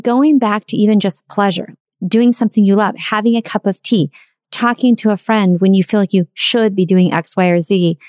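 A woman host at middle pitch asks an interview guest questions in a conversational, searching way. She restarts her phrases as she goes. The sound is dry and close to the mic. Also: normal speed, darkish tone, no room sound. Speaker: podcast host.

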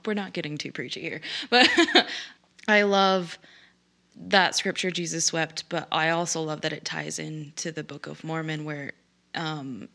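A woman's voice: low-pitched, steady tone, unhurried, vocal fry, bright, forceful tone. A woman co-hosting a podcast in casual chat, reading listener questions and laughing often. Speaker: podcast co-host.

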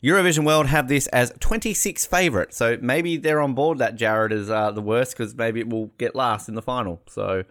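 A man's voice: medium pitch, moderate pace, hardly any pauses, a bit bright. A man hosting a casual panel chat, rambling and joking with plenty of filler words. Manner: rambling and jokey, many fillers. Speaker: podcast host.

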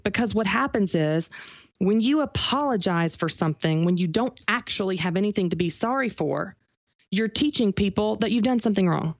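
A woman's voice: mid-range voice, lively intonation, moderate pace, no room sound, dull audio. A woman being interviewed, giving emphatic motivational business advice and repeating her main points. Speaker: guest, business author.

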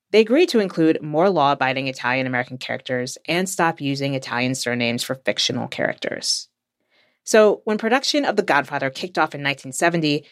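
Podcast host, low-pitched woman, lively scripted narration, dry studio sound. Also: dry recording. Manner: measured, explanatory.

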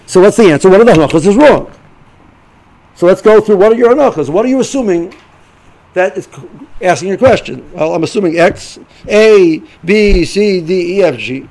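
A middle-aged man giving an informal Torah lesson, halting and repeating words as he restarts sentences. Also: sits high, expressive, a little mellow, low-quality recording. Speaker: yeshiva rebbe giving a shiur.

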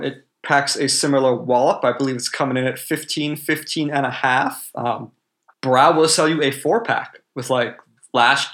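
A man's voice: mid-range voice, fairly bright tone. A man hosting a casual podcast chat, rambling with many ums and likes. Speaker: podcast host.

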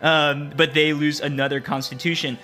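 A man runs a tabletop game and narrates the action with an upbeat manner, laughing often. His voice is bright and forceful, with faint music behind him. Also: on the high side, flat delivery, normal speed. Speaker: game master.

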